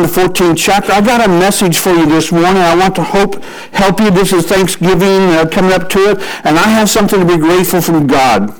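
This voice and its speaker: Male pastor, sermon, high-pitched speaking voice, story-driven, leans on slow emphatic lines; radio broadcast sound. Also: poor audio. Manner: storytelling preacher who shifts pace for emphasis.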